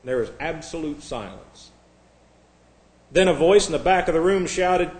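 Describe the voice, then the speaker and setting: A male Bible teacher telling an illustration story in a sermon, dramatic and dropping to quiet emphasis. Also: fairly high pitch, lively intonation, moderate pace.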